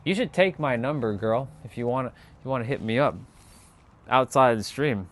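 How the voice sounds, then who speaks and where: A man's voice: medium pitch, moderate pace, a bit bright. A man chatting casually on his live stream, laid-back and rambling as he talks straight to his viewers.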